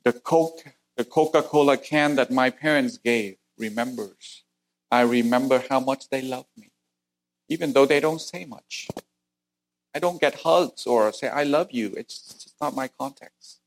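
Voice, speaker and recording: A middle-aged man from Vietnam delivers a sermon built on personal testimony. He speaks at an average pitch with earnest, plain storytelling, and his voice rises sharply when the story turns tense. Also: unhurried. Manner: earnest storytelling, voice climbing high at intense moments. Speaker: preacher.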